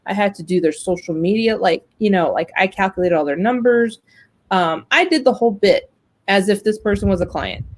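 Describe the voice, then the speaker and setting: A woman's voice: medium pitch, fairly quick, low-quality recording. A woman hosting a casual web talk show, telling a long story about job hunting, chatty and full of fillers. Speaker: host. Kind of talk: casual chat.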